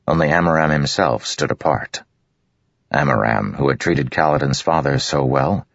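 Very deep, gravelly man narrating. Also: no room sound. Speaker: audiobook narrator. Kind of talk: scripted narration. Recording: dull, muffled dry recording.

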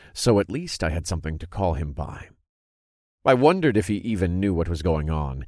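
A man narrating a dark fantasy story in the first person, steady and low-key. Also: no room sound, clean studio sound.

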